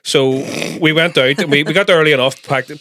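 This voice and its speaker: A man's voice: fairly high pitch, fairly quick, fairly bright tone. A middle-aged man with a Northern Irish accent, a musician guest telling a sweary, laughing anecdote in casual chat. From Belfast.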